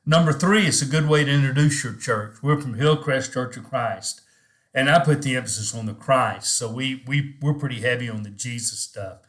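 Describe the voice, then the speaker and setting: A man's voice: medium pitch, a little fast, hardly any pauses, a bit bright. A middle-aged man talking casually and earnestly to camera, encouraging his listeners to pray with people.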